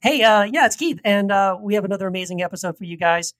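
A man's voice: sits high, quick pace, a bit bright, dry recording. A man co-hosting a podcast with a playful, hammy cowboy-style greeting. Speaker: podcast co-host. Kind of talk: casual podcast chat.

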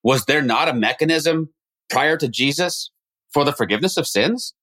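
A man's voice: a little high, lively intonation, normal speed, fairly bright tone. A man hosting a podcast interview, asking probing questions and chatting in a friendly, casual way. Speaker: podcast host. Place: Texas.

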